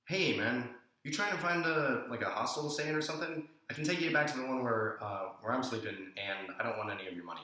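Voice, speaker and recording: A man voicing a friendly young British man who offers help in a quick, offhand way, in a very echoey room. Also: medium pitch, pushed and bright, natural voice.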